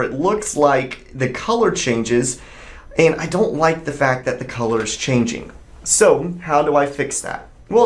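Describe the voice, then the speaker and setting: A man of ordinary middle pitch talks through a software tutorial while he works on screen. He explains each step plainly and conversationally, thinking out loud as he clicks along.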